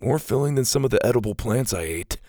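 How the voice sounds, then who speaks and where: A man's voice: medium pitch, animated, fast talker, warm tone, dry recording, studio quality, natural voice. A man doing a cool, laid-back jungle boy. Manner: laid-back, understated, drawling.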